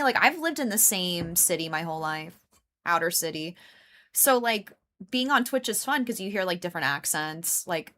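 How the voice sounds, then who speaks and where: A woman's voice: mid-range voice, bright, forceful tone. A woman live streamer chatting casually with her viewers, rambling with lots of fillers and laughing often. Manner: chatty, laughs often, greets and answers chat.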